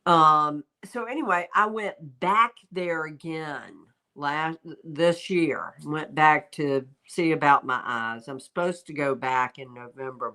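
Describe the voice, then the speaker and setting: A woman with a low, fairly bright voice hosts a livestream as a psychic medium. She tells a rambling story in casual chat, pausing now and then to talk to her pet.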